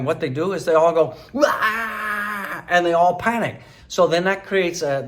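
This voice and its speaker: A man's voice: a little high, a bit bright. A man hosting a crypto channel from his apartment, giving casual market commentary in a rambling, slangy way, full of fillers and repeats.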